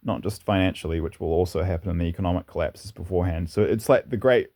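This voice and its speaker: Deep-voiced and fast, with a darkish tone, this man runs his own channel and talks through his views. The casual monologue is rambling and heartfelt, punctuated by some laughter.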